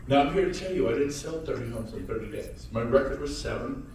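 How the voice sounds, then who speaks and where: Male motivational speaker, loud and punchy, working a crowd; very echoey hall, distant mic. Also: quick pace, soft background music. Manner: high-energy, shouting and teasing the crowd. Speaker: real estate speaker addressing an audience. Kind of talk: motivational talk to a live audience. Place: large hall with audience.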